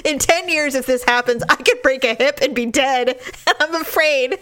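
A woman in her forties telling a funny story in casual chat, laughing often and acting out what people said. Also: normal speed. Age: 40s. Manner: animated, laughs often, acts out quoted lines in a high voice.

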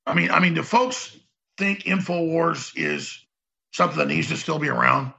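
Heavily gravelly ranting radio man. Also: on the high side, moderate pace, pushed and bright, highs cut off. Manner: heated, rambling, emphatic. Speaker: talk radio host.

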